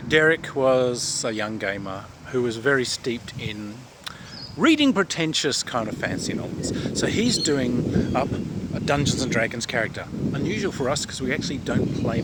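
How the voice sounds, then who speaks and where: Guy chatting about tabletop games, voice jumps all over telling stories, traffic noise outside. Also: mid-range voice. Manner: animated anecdotes, acts out players' lines. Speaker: tabletop game host. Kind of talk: casual storytelling chat.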